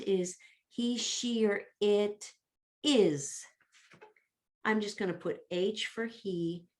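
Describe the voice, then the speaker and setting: A middle-aged woman leads a children's Latin lesson at an unhurried, deliberate pace. Her voice sits a little low, and she spells words out letter by letter, repeating them patiently. She often pauses to check in with "okay" and "right" as she goes. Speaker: Latin teacher.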